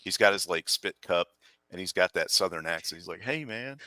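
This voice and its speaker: Very low-voiced man, bright tone. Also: brisk, dry recording. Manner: relaxed, rambling explanations with fillers. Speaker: podcast panelist. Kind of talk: casual chat.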